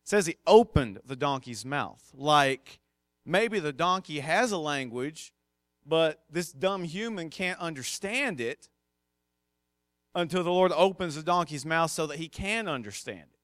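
A man preaching a sermon in a conversational, emphatic way, breaking off now and then for casual asides. His voice sits on the higher side and sounds smooth and resonant. The recording is dry and close. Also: animated, unhurried, a bit bright, no room sound. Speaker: pastor.

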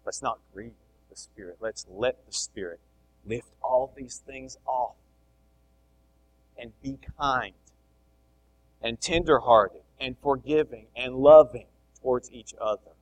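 A middle-aged man preaching a sermon, animated, swinging between loud emphasis and soft asides. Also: mid-range voice, slow, long pauses, low-quality recording. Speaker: pastor.

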